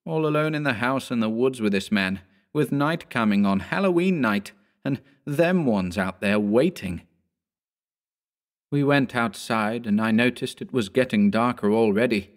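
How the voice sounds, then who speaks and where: A man narrating a horror story in a measured storytelling manner. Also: medium pitch. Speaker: audiobook narrator.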